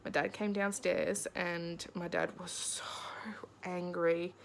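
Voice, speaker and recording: A young woman telling a personal story in a diary vlog, speaking in a halting, emotional way with pauses, close to tears. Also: fairly low pitch, little pitch movement, vocal fry, slight background noise. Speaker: vlogger.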